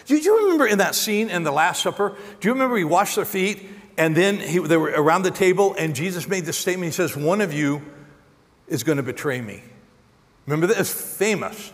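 A man preaching a sermon as a pastor, animated, acting out quotes with sudden jumps in pitch. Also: brisk. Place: large church auditorium. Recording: long hall reverb.

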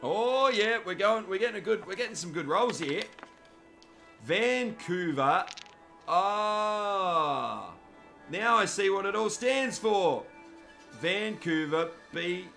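Australian male streamer, fairly high pitch, bright forceful tone, cheeky live game commentary. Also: animated, takes it slowly, soft background music. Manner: cheeky, joking, chats to viewers by name. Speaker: gaming commentator.

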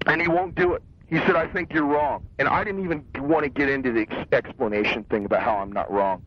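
A man's voice: medium pitch, fast. Agitated young man ranting, lo-fi tape. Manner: agitated, profane, boastful ranting. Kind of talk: casual phone-style conversation. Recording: muffled lo-fi cassette tape.

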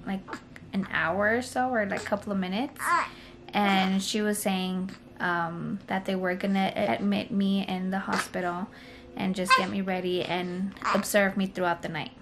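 A woman's voice: medium pitch, steady tone, normal speed, noisy background. A young woman telling a personal story to camera in a casual vlog, rambling and full of "like" and "you know". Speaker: vlogger.

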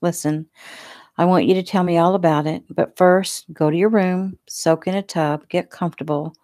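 A woman reading the lines of a gruff, protective man with dry sarcasm in a casual audiobook. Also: on the low side, fairly even intonation, moderate pace, darkish tone, no echo, natural voice. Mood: firm.

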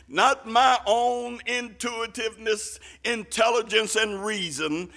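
A man preaching a sermon with passion, swinging from quiet asides to shouted lines, using folksy Southern turns of phrase. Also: sits high, very animated, takes it slowly. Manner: impassioned, rising to shouts.

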